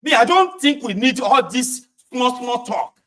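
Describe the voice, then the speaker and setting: A Nigerian man voicing a hot-headed young male online agitator who shouts violent threats. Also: very high voice, very animated, measured pace, pitched above the performer's own voice, exaggerated voice. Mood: furious. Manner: shouting, fired-up.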